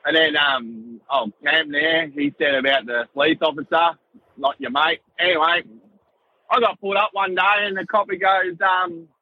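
Rambling Australian trucker caller. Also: male voice, on the high side, fairly even intonation, moderate pace, phone-quality sound, a little hiss or hum. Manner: rambling, hesitant with many ums. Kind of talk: voice message story. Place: truck cab while driving.

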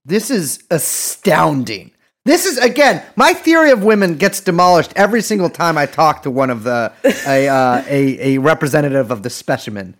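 A man's voice: on the high side, moderate pace. A man co-hosting a podcast, bantering wryly and profanely in casual political talk. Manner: wry, profane, lively banter with restarts. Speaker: podcast co-host.

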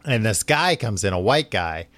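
A man's voice: lowish voice, sing-song, moderate pace, a bit bright, no echo. A man hosting a podcast, casually retelling a book with lots of filler words and restarts. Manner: rambling, full of likes and restarts. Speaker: podcast host.

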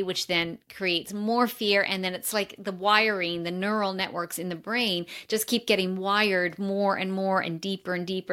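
A woman's voice: medium pitch, a bit bright. A woman guest speaking as a mindset coach, explaining her ideas earnestly in a casual interview. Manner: earnest and explanatory, with fillers like "right?".

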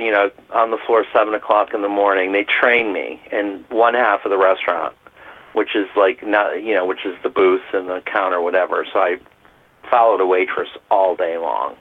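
Animated man telling stories over the phone. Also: on the low side. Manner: animated storyteller, laughs often. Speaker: guest. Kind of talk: casual storytelling. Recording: phone line.

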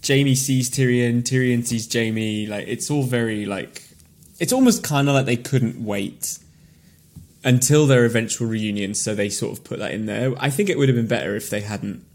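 A man co-hosting a podcast, talking excitedly in a rambling way. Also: medium pitch, normal speed. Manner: excitable, rambling, frequent fillers. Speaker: podcast co-host. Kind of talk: casual chat.

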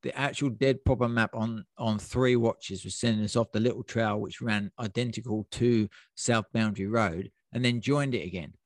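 Laid-back man, low dry voice. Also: steady tone, moderate pace, hardly any pauses, no echo. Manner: rambling, laid-back storytelling with fillers. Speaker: podcast host and ultra runner. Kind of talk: casual race recap chat.

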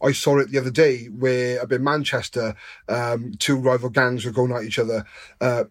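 A man's voice: mid-range voice, fairly even intonation, normal speed, no echo. A young man from Wales, a guest in an interview who tells his story candidly and earnestly, with frequent fillers.

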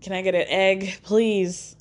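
A woman hosts a loose, chatty recap, her voice lifting high whenever she acts out someone's lines. She laughs often and keeps the energy animated. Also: unhurried. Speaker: podcast host recapping reality TV. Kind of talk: casual chat recap.

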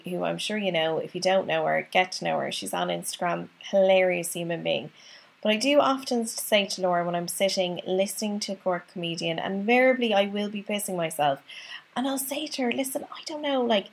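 Gravelly-voiced Irish woman podcast host. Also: medium pitch. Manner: bubbly, rambling, self-mocking. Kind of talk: chatty podcast intro.

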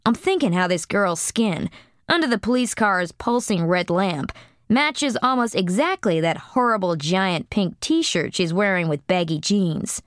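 A woman's voice: mid-range voice, expressive, measured pace, no room sound, clean studio sound. A woman narrating an audiobook in a blunt, profane first-person voice.

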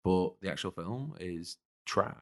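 Deep-voiced enthusiastic podcast guy. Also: expressive, unhurried, a little mellow. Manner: enthusiastic, rambling. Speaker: podcast co-host. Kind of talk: casual chat.

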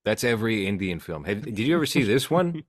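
A man's voice: on the low side, big pitch swings, fairly quick, no room sound. A man hosting a podcast, chatting casually about films with dry humor. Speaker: podcast host. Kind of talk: casual film chat.

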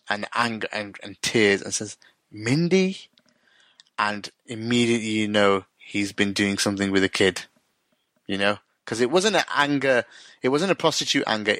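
The speaker is a co-host loosely retelling a TV episode, his account full of restarts and acted-out dialogue. His voice is fairly low with a sharp tone, and the recording has no echo.

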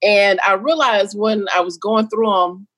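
A middle-aged woman talking casually as an interview guest, animated and quick to act out what others said. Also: mid-range voice. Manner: animated, jumps between quoted voices and laughs.

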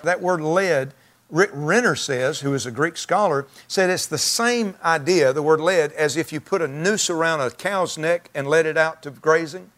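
A man's voice: a little high, moderate pace, a bit bright. A man preaching a sermon to his church, talking in a conversational, folksy way with frequent restarts. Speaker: pastor.

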